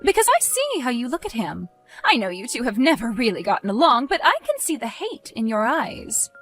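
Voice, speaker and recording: A woman voicing a caring mother who gently coaxes and worries over her teenage son. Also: on the high side, huge pitch swings, a little fast, faint music behind. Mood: concerned. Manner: gentle, coaxing, concerned.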